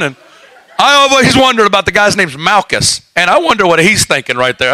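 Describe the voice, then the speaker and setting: A man preaching a sermon, telling stories in a folksy way with lively asides. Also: high voice, brisk, dry recording, rough recording.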